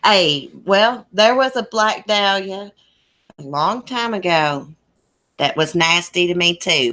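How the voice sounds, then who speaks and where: A woman from a small mountain town in Southwest Virginia hosts a relaxed YouTube livestream, reading comments and chatting folksily with viewers while laughing easily. She speaks slowly in a deep, low voice with a thick Appalachian country accent.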